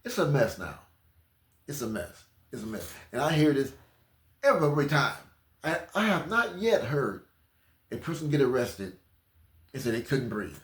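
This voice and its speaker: A man preaching in an animated, storytelling way with vernacular grammar, in an echoey room. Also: medium pitch, normal speed, pauses often. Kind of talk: comedic sermon.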